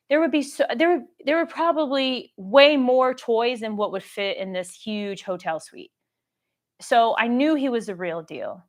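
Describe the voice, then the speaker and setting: A woman hosting a casual live-stream Q&A, telling stories in a lively way and acting out the people in them. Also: medium pitch. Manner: animated storytelling, acts out quoted dialogue; reads viewer questions aloud. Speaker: government contracting coach.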